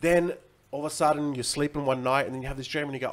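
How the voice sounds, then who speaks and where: A man talks straight to his viewers in a motivational pep-talk style, repeating his points and checking in with "right?" again and again. His delivery swings between loud, insistent peaks and quiet, dropped-down asides. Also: mid-range voice, fairly even intonation, fast. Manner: emphatic and repetitive, keeps asking "right?". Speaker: crypto livestream host. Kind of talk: motivational monologue.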